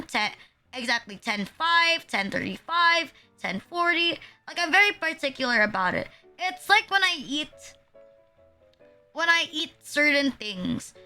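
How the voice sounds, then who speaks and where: A woman's voice: high voice, bright, forceful tone. A young woman from the Philippines chatting casually on a livestream, rambling and swearing, with lots of "like" in her talk. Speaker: VTuber streamer. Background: faint music.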